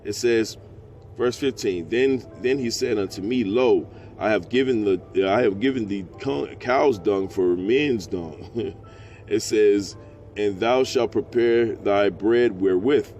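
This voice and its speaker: Slangy low-voiced preacher man. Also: a little mellow, faint music behind. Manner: reads verses slowly then riffs in slangy asides. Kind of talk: scripture teaching with street talk.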